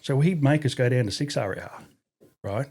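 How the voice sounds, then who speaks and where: A man's voice: medium pitch, expressive, a little fast, darkish tone, slightly rough. A man with an Australian accent, a podcast guest and army veteran, telling stories casually and swearing freely. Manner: swears freely, acts out others with a raised voice. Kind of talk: casual storytelling.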